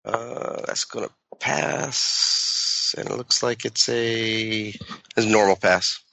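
A man speaking as a player in a tabletop game, deliberate and questioning. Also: lowish voice, gravelly, bright, forceful tone, poor audio.

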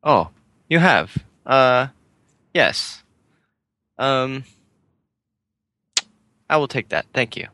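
A man voicing a brisk German woman traveller in a tabletop game, firm and reassuring. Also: mid-range voice, very animated, bright, forceful tone, no echo, pitched above the performer's own voice, full character voice.

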